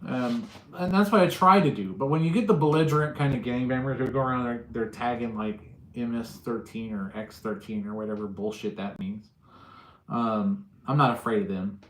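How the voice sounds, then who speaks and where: A man's voice: mid-range voice, normal speed, roomy sound, a little hiss or hum. A man hosting a casual livestream, telling stories and acting out what people said. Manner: animated storyteller, acts out quotes. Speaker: livestream host.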